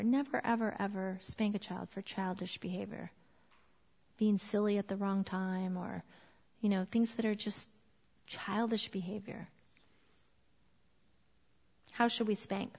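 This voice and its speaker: A woman's voice: medium pitch, darkish tone. A middle-aged woman giving an informal, earnest teaching talk to a group of parents, chatty and emphatic, with repeated words for stress. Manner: conversational, earnest, emphatic repetitions. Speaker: parenting class speaker. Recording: long reverb of a hall.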